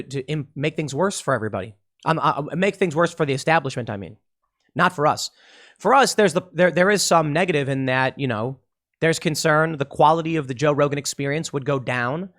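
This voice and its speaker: A podcast host delivering a political commentary monologue, talking emphatically and repeating himself. He restarts his sentences often. His voice sits a bit higher than most men's. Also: a bit bright.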